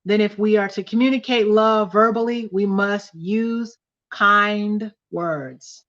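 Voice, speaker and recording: A woman's voice: mid-range voice, fairly even intonation, takes it slowly, a bit bright, highs cut off. A woman hosting a casual livestream study, teaching and reading aloud from a book, often repeating key points. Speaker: host of a couples study livestream.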